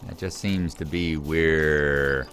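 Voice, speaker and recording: A man's voice: extremely low pitch, steady tone, slow, fairly bright tone, faint music behind. A man chatting casually through his gameplay and teasing the characters on screen. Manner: chatty, talks to the game characters. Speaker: gameplay host.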